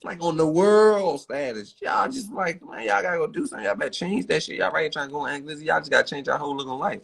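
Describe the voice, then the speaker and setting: A man's voice: a little high, steady tone, rapid-fire, gravelly, pushed and bright, breathy edge. A man with a Baltimore accent ranting bluntly and profanely on a phone livestream. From Baltimore, USA.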